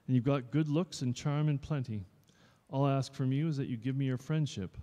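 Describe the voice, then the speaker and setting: A man reading aloud as a charming young poet, coaxing and flattering a girl. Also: mid-range voice, brisk, pitched above the performer's own voice, close to an everyday voice. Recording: long reverb in a showroom.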